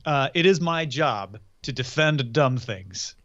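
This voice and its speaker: A man's voice: mid-range voice, animated, slow pace, a bit bright, dull audio. A man co-hosting a podcast in casual chat, with a dry, joking manner. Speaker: podcast co-host.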